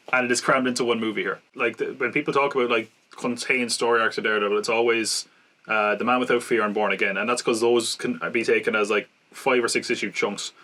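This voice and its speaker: Bright-voiced man recapping a film. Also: mid-range voice, fairly even intonation, brisk. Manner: rambling plot recap with self-corrections and fillers. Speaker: podcast co-host. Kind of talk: casual film-review chat.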